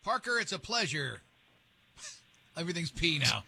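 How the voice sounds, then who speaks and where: A man hosting a morning radio show, bantering and running a quiz with quick jokes and frequent laughs. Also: a little high, big pitch swings, vocal fry, bright, forceful tone, slight background noise. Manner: joking, laughs often, quick asides. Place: radio studio.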